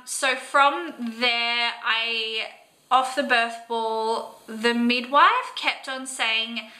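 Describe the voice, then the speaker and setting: A woman's voice: on the high side, sharp tone, low-quality recording. A young Australian woman vlogger telling a personal story to camera, earnest and emotional, full of "like" and "um".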